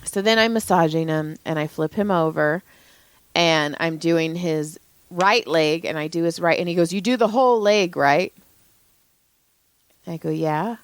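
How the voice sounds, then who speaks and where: A woman's voice: deep voice, measured pace, smooth, no echo. A young woman co-hosting a podcast, venting anecdotes in casual, profane chat. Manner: profane, animated storytelling. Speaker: podcast co-host, massage therapist.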